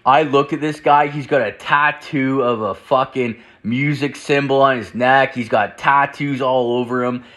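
A man's voice: medium pitch, steady tone, a little slow, hardly any pauses, a bit bright. A young man hosting a podcast, telling a rambling story full of swearing and "like" fillers. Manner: profane, rambling, heavy on "like" fillers. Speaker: podcast host. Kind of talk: casual storytelling.

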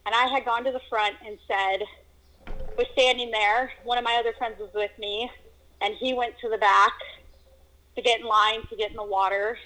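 A woman telling a personal story in a casual conversation, animated and acting out moments with exclamations. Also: a little high, moderate pace, low-quality recording. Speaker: guest telling her story.

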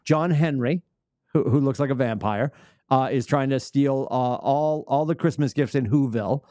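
A man with a New England accent hosting a casual sports podcast, animated and teasing, laughing often. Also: medium pitch, moderate pace, no room sound, clean studio sound. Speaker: podcast host.

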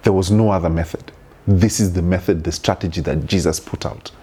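A man's voice: low-pitched, fairly even intonation, brisk, dark tone, breathy edge. A man preaching a sermon in an earnest tone, building through repeated rhetorical questions. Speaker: pastor.

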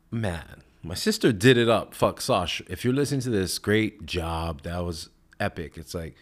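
A man's voice: deep voice, creaky. A man hosting a podcast, telling stories in a rambling, laid-back way and swearing often. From Hawaii. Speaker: podcast host. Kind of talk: casual chat.

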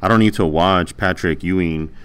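A man's voice: low voice, normal speed, fairly bright tone, clean tone. A man in casual, swearing banter, defending a cynical point of view in an argument.

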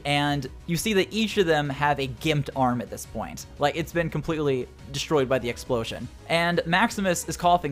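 A young man narrating as game master in a tabletop game, casual and quick to laugh. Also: a little high. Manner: laughs often, casual and animated.

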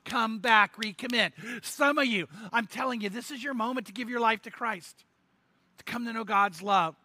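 A man's voice: extremely high pitch, normal speed, bright, forceful tone. A man preaching a sermon as a pastor, earnest and pleading with his listeners. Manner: earnest, pleading, retells a skit with quoted voices.

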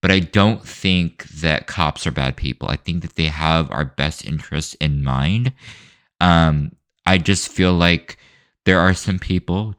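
With a rumbling low voice and no echo, a man hosts his own show and rants his opinions alone. His delivery is loose and rambling, packed with fillers, restarts and hedging asides.

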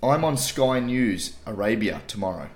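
A man's voice: on the low side, animated, normal speed, slight background noise. An Australian man co-hosting a podcast in laid-back casual chat, swearing freely, heard over a remote video call with a poor connection. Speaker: podcast co-host.

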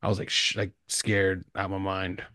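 A man's voice: low voice, monotone, moderate pace, sharp tone, dry recording, studio quality. A man in casual podcast chat, laid-back and saying "bro" and "dude" a lot.

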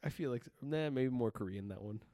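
A young man co-hosting a podcast in loose, excitable casual chat, full of fillers and swearing. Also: medium pitch, fairly quick, no room sound, clean studio sound. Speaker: podcast co-host.

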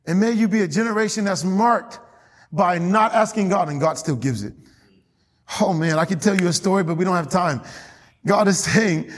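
Fervent preacher in a reverberant hall. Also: male voice, fairly high pitch, fairly quick. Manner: fervent, emphatic preaching with scripture readings. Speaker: pastor. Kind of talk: sermon. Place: church. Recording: long reverb in a church hall.

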